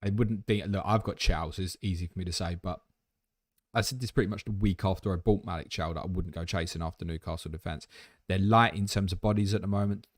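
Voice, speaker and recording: Brief: male livestream host, lowish voice, dry close mic, quick blunt banter. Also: fairly even intonation, no echo. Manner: blunt, jokey, reads viewer questions aloud. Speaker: livestream host answering viewer questions. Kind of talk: fast casual livestream Q&A.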